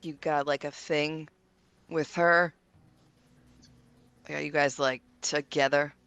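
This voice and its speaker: A woman's voice: sits low, fairly even intonation, slow, a bit bright, clear, resonant tone, no echo, lo-fi sound. A woman player in a tabletop game, blunt and teasing. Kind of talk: casual tabletop game chat.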